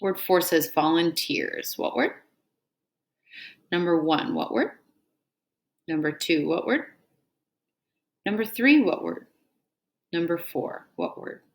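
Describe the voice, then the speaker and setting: A woman teacher leads a reading drill with a slow, unhurried delivery and a fairly low voice. She names each item and asks for the word over and over, praising the answers, and she reads the story passage with care. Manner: call-and-response prompting, repeating "what word?" after each item; patient and encouraging, praising answers. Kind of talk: scripted reading drill and read-aloud.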